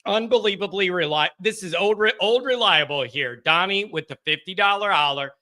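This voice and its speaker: A man's voice: high voice, normal speed, pushed and bright. A man hosting a live sports call-in stream, chatting casually from a home studio, rambling and joking with his chat viewers.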